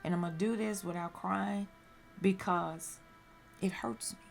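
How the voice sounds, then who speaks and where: A woman's voice: mid-range voice, fairly even intonation, measured pace, creaky, faint music behind. A woman sharing a personal religious testimony, speaking earnestly and candidly and repeating phrases for emphasis.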